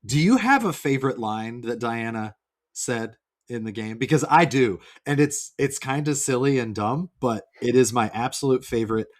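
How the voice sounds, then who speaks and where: Animated, laughing, swearing man. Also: medium pitch, moderate pace. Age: 40s. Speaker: podcast co-host. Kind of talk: casual chat.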